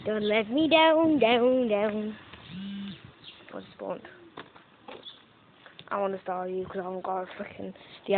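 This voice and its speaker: Chatty young woman, tinny phone sound. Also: medium pitch. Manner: chatty, self-mocking, swears casually. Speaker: vlogger. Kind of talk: casual commentary while playing a mobile game. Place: outdoors, walking around. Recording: tinny phone-like audio with faint noise.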